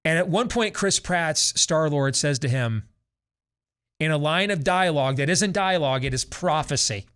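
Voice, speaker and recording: A man's voice: on the high side, animated, moderate pace, fairly bright tone, smooth. A man in his forties hosting a talk show, ranting sarcastically and theatrically in opinionated commentary. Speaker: host.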